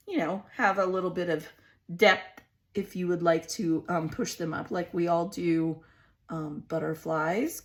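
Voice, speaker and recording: Hoarse, chatty woman crafter. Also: mid-range voice, a bit bright. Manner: chatty, laughs often, talks to viewers as "you guys". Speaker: crafting channel host. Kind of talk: casual craft tutorial.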